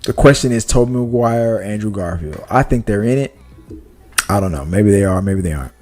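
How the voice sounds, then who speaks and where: Rambling, animated young man. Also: on the low side, brisk, faint music behind. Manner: rambling and animated, with profanity and restarts. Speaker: podcast host. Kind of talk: casual chat.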